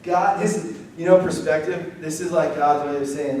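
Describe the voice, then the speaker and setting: A young man preaching a casual, story-driven sermon in a church, quoting people in lively voices. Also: on the high side, moderate pace, slight background noise. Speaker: pastor. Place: church sanctuary. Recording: echoey hall from far off.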